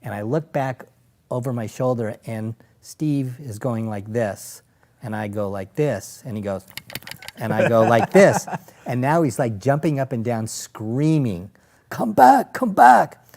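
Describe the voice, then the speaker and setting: A man's voice: medium pitch, a little slow. A middle-aged man, a former lawyer turned safari operator, telling stories as an interview guest, acting out voices and laughing as he goes. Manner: animated storyteller, acts out voices and laughs. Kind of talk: anecdotal storytelling in conversation.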